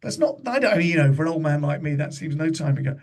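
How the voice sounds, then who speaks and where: A man's voice: a little high, animated, fast talker, darkish tone. A man in his fifties, a comedian guest on a podcast, telling chatty anecdotes and slipping into the voices of people he quotes. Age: 50s.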